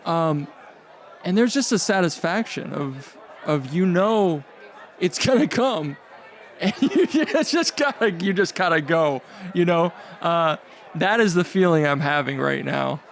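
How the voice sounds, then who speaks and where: A man doing a rambling, crude stand-up comedy set on a club stage, halting with fillers and restarts. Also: fairly high pitch, creaky, a faint crowd.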